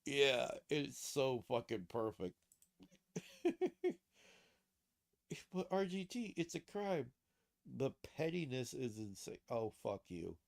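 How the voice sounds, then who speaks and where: A man's voice: medium pitch, big pitch swings, takes it slowly, pauses often. A man streaming late at night, reacting to posts in loose, profane commentary and laughing often at his own jokes. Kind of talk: casual livestream commentary.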